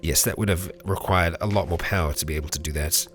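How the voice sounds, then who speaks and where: A man's voice: low-pitched, fast talker, fairly bright tone, faint music behind. A young man hosting a let's play, chatting casually through the game and talking to the characters on screen. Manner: chatty, talks to game characters, bursts into mock fury and laughter.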